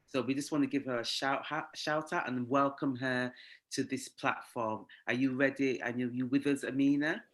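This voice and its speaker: Guy hosting, welcoming the next guest, mid pitched, upbeat. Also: fairly even intonation, moderate pace. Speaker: event host. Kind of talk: introducing a guest.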